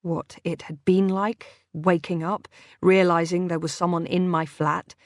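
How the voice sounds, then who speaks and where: Slow, measured woman narrating a thriller. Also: on the low side, flat delivery, no echo, studio quality. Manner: measured, unhurried reading. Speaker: audiobook narrator. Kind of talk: first-person audiobook narration.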